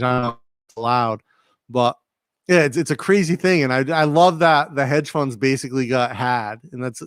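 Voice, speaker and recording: A man from Rhode Island, USA, with a slight New England accent, hosts a livestream from his home studio, chatting casually and reading out viewer comments. He's rambling and laid-back, addressing viewers directly. His mid-range voice is clear and resonant, with no echo.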